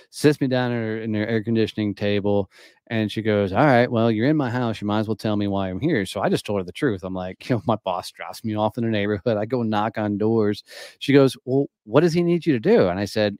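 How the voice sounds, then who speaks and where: A man from Texas telling a story as a podcast guest, in a blunt, profane and animated way. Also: lowish voice, no room sound, clean studio sound. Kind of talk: casual storytelling.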